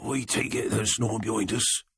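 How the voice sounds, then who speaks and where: A man voicing a male criminal with a rasping voice, teasing his partner in rough slang. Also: lowish voice, fairly even intonation, moderate pace, fairly bright tone, no room sound, studio quality, heavily acted.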